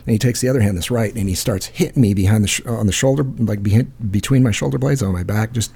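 A man's voice: fairly low pitch, quick pace, creaky, warm tone, breathy edge. A man hosting a call-in show, telling a rambling, profane story full of fillers. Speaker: host. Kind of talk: casual storytelling.

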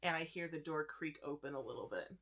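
A woman in a casual chat among friends, blunt and quick to swear. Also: low-pitched, a bit bright.

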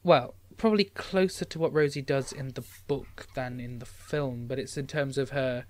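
A man's voice: mid-range voice, normal speed. A young man co-hosting a podcast, chatting casually about films with frequent restarts. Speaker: podcast co-host. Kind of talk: casual film discussion.

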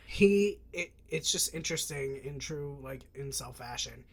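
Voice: mid-range voice, animated, measured pace, crowd noise. A podcast host chatting casually about a film, laughing often and trailing off mid-thought.

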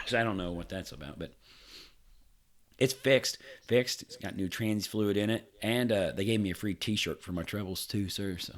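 A man's voice: low voice, brisk. A man, chatting casually on a podcast. He rambles through a long story, swearing freely and laughing along the way. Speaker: podcast co-host. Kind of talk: casual chat.

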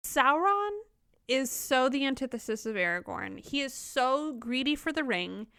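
Smooth-voiced woman chatting about a book. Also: high-pitched, unhurried. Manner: animated, reads quotes aloud and mimics characters. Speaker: podcast co-host. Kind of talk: casual book discussion.

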